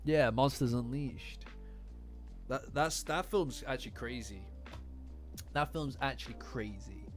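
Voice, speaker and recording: A young English streamer in a loose, jokey chat with viewers, laughing often and swearing freely. His voice sits at an ordinary middle pitch. Soft lo-fi music plays quietly underneath. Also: a little slow, long pauses. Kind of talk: casual live-chat commentary. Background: faint lo-fi music.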